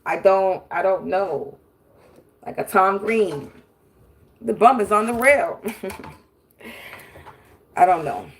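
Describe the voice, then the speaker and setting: A woman hosts a spiritual livestream, slowly working through a crude, combative rant with frequent pauses and plenty of repetition. Her voice is medium in pitch, she laughs mid-sentence here and there, and a little background noise is audible.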